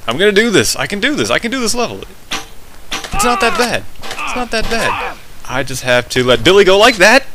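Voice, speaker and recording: A man giving excitable let's play commentary, swearing and yelping as things go wrong. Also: high voice, a little fast, background noise. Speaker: gamer.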